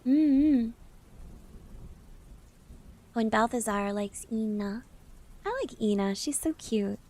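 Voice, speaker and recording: A woman's voice: on the high side, slow, a little mellow. A young woman from the South, chatting casually with her live-stream chat as a VTuber and reading out messages as she answers them. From Southern United States.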